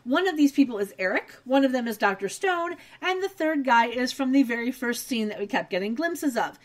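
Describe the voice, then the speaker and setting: A woman's voice: high voice, animated, a little fast. Chatty woman recapping a show. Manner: chatty, wry asides. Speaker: podcast co-host. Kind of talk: casual recap chat.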